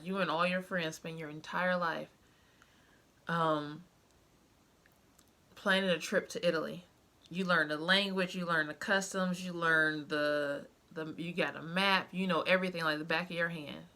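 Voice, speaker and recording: With a fairly low pitch and a sharp tone, a young woman vlogger talks about being a mother at a measured pace and fairly even intonation. Her storytelling is casual, heartfelt, and full of fillers.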